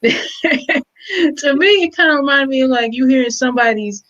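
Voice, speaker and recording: A woman's voice: sits high, normal speed, fairly bright tone, highs cut off. A woman co-hosting a casual hip hop album review, chatty and a bit hesitant.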